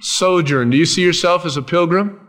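A man's voice: sits high, fairly bright tone. Emphatic male preacher. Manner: emphatic, slows down to stress key words. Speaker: pastor. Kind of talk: sermon.

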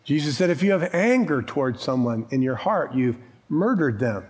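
A man's voice: mid-range voice, very animated, moderate pace. A man who is a pastor, preaching a sermon in a church with an emphatic, conversational style, rhetorical questions and bits of humor.

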